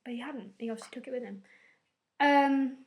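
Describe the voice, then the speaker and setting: A woman's voice: high-pitched, brisk. A woman vlogging a casual, rambling episode recap, chatty and emotional, with some swearing.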